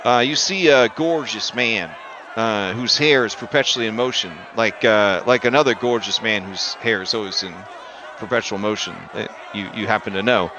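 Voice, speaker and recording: A man's voice: lowish voice, moderate pace, highs cut off, crowd noise, noisy background. A man narrating a tabletop game as game master, rambling and joking with lots of fillers.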